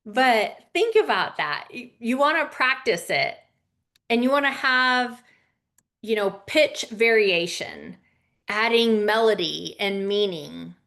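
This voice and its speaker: A woman's voice: mid-range voice, a bit bright. A woman teaching a casual lesson on public speaking, conversational with fillers and asides.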